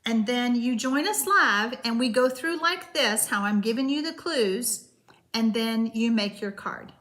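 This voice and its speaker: Bright, chatty woman hosting a craft stream. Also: on the high side, animated, unhurried. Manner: chatty, friendly, reads out viewer comments; loose, with frequent hesitations. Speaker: card-making class host. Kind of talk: live-streamed craft class, chatting with viewers.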